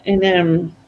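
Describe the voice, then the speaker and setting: A woman's voice: medium pitch, narrow, tinny audio. A woman with a North East English accent, chatting casually with friends as host, laughing often. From North East England. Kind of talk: casual group chat.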